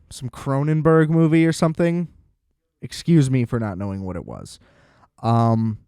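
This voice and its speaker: A man hosting a podcast, casually recapping and ranting about a movie with animated, exasperated energy and frequent laughs. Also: medium pitch, dry recording, studio quality. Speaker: podcast host. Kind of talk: casual movie review rant.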